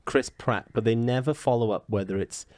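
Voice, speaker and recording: A man co-hosting a podcast, chatting casually and joking around in quick banter. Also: mid-range voice, a little mellow, no room sound, studio quality. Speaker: podcast co-host. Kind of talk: casual chat.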